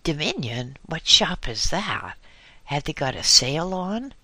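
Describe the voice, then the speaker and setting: A woman's voice: low voice, very animated, a little slow, bright, forceful tone, dry recording, voice pushed up, full character voice. A man voicing a small, scraggy, dour older woman who growls and snorts her answers. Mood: dour grumbling.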